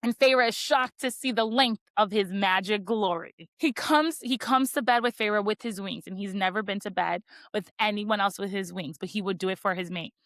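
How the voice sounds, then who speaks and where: A woman's voice: mid-range voice, normal speed, few pauses, fairly bright tone, dry recording. A woman on a book podcast giving a casual, chatty chapter recap, full of "like" fillers and playful teasing. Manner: chatty, heavy use of "like" as filler; playful, teasing about spicy scenes.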